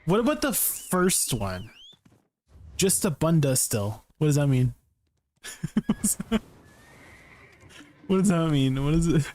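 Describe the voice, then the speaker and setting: Male game streamer, casual live chat, slightly high voice, laughs a lot. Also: sing-song, slow, long pauses, darkish tone. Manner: chatty, reads chat aloud, laughs often.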